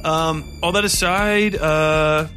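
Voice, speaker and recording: A man's voice: on the high side, fairly even intonation, takes it slowly, sharp tone, soft background music. A young man hosting a podcast, rambling casually through his outro with blunt, profane remarks and lots of fillers. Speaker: podcast host.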